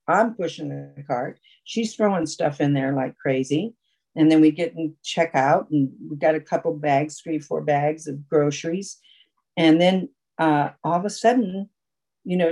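A woman's voice: fairly low pitch, darkish tone, poor audio. A woman telling a long personal story at a support group meeting over a video call, rambling and full of fillers. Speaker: recovery meeting speaker.

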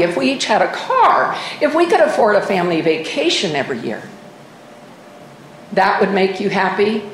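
An older woman gives candid testimony at a meeting microphone, poking fun at herself as she tells her story. Her voice sits at a middling pitch and rings around an echoey room. A faint hiss of noise sits under it. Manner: candid, self-mocking storytelling with wry humor. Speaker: speaker sharing at a recovery meeting. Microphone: microphone at a podium.

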